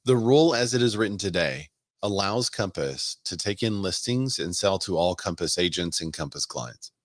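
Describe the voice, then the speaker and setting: Deep-voiced man hosting a chat. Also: animated, moderate pace, dry recording, studio quality. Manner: conversational, laughs and asides while reading aloud. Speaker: podcast host. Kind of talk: casual chat reading comments and articles.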